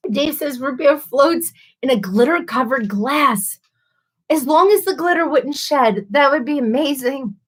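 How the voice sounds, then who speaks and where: A woman's voice: high voice, measured pace. A woman hosting a casual live stream, laughing a lot and a little tipsy from wine as she reads out viewer comments. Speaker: livestream host.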